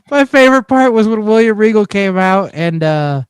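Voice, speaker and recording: A man with a high, smooth voice co-hosts a laid-back podcast, cracking self-deprecating jokes and laughing along. He sits close to the mic, and the sound is dry with no room echo. He speaks in an easy, casual way. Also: lively intonation, a little slow. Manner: joking, laughs often. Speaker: podcast co-host. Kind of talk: casual chat.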